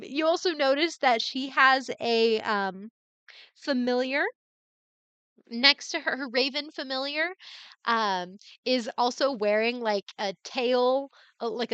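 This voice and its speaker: A woman game master narrates a tabletop session at an unhurried pace, with many fillers along the way. Her voice is smooth, a little higher than most, and close and dry. The sound is somewhat dull, like an online call. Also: sharp tone, no room sound. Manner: rambling, many fillers, giggly.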